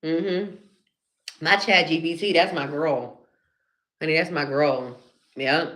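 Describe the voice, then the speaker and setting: A woman's voice: deep voice, steady tone, takes it slowly, long pauses, fairly bright tone. A woman chatting casually on a phone live stream, laughing often and calling her viewers honey. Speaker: comedian hosting a live stream.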